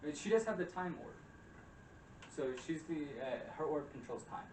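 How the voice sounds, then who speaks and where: A man's voice: a little high, lively intonation, normal speed, darkish tone, a little hiss or hum. A young man casually retelling a game story, rambling, swearing often and acting out the characters' lines. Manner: rambling, profane, acts out quotes. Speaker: game recap presenter. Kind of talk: casual chat. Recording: roomy room, distant mic.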